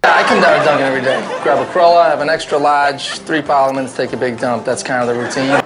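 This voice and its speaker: A man's voice: mid-range voice, steady tone, fast, a loud crowd, natural voice, poor audio. An actor playing a crude, cheerful working-class guy in a comedy sketch, with a thick Boston accent. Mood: brash. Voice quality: thick put-on accent, boastful. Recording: sketch clip with loud studio audience laughter.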